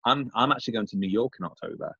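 A middle-aged English man with a very low voice and a dry, close sound that is a little dull and muffled. He rambles in casual chat, circling back and repeating himself with plenty of fillers. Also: expressive, rapid-fire, gravelly, bright, forceful tone, husky, no echo. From England. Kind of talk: casual chat over a call.

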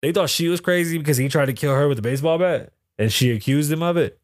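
Fast-talking and fairly high-pitched, a man hosts a podcast full of swearing, rambling digressions and laughs at bizarre news stories. The audio is studio quality with no echo.

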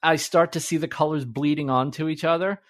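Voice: medium pitch, fairly even intonation, fairly quick. A host chatting casually, laughing often and acting out little quoted lines. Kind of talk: casual chat.

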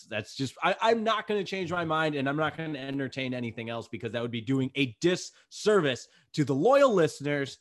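A man co-hosting a casual sports podcast, animated and quick to poke fun at himself. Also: lowish voice. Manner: self-deprecating, animated. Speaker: podcast co-host.

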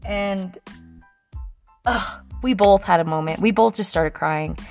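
Woman in her thirties, podcast host; slow, gravelly, rambling casual storyteller who laughs a lot. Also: medium pitch, darkish tone, soft background music. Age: 30s. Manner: chatty, rambling, laughs often.

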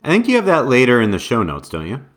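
A man's voice: mid-range voice, huge pitch swings, quick pace, a bit bright. An American man co-hosting a casual sports podcast, talking in a hesitant, thinking-aloud way. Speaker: podcast co-host.

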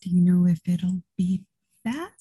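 A woman's voice: fairly low pitch, a little slow, warm tone, slightly rough. A woman playing a tabletop role-playing game, asking questions in character. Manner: inquisitive, many questions. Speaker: player.

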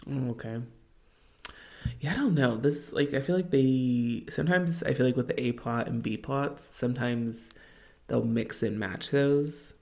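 A woman's voice: rumbling low, a little slow, warm tone. A woman in her late twenties co-hosting a podcast, chatting casually with many fillers and easy laughs. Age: late 20s. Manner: rambling, filler-heavy, laughs easily. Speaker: podcast co-host. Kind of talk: casual chat.

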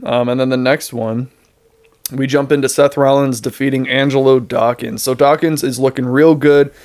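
A man's voice: mid-range voice, steady tone, moderate pace, darkish tone, dry recording. A man co-hosting a wrestling podcast, recapping shows in casual chat and laughing often. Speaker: podcast co-host.

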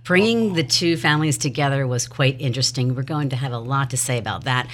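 A woman in her fifties co-hosts a podcast with her husband, chatting casually with him, laughing often and sometimes trailing off. Her voice is extremely low in pitch, and she talks fast.

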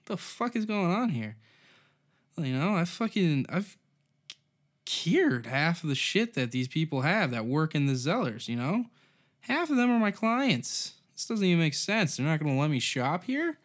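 A man's voice: on the high side, big pitch swings, normal speed, voice pushed up. A man voicing an indignant male doctor who is turned away from a shop, ranting in outrage. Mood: outraged.

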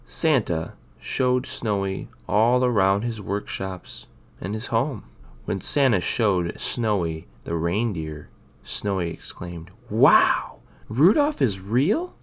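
A man hosting a story podcast, chatting briefly and then reading a Christmas story aloud in a relaxed way. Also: on the low side, slow, creaky. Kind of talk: casual intro then scripted story narration.

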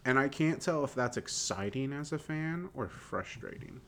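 Bright-voiced Southern man talking football. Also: mid-range voice, moderate pace, creaky, slight background noise. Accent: Southern American. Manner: animated, drops the g on -ing words. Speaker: podcast co-host. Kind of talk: casual sports chat.

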